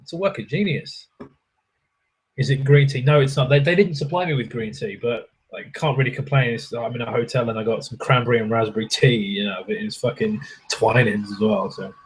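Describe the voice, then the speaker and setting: Young guy, husky and rambling, mid-pitched, swears a lot and answers viewer chat from a hotel room. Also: rough recording. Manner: rambling, swears freely, self-mocking. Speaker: livestream host answering chat. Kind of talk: casual chat.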